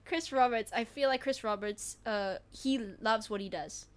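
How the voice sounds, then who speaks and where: A woman's voice: on the high side, moderate pace, clear, resonant tone. A woman co-hosting a livestream, chatting casually and reading viewer comments, with lots of fillers. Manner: giggly, animated, thinks aloud with fillers. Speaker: livestream co-host.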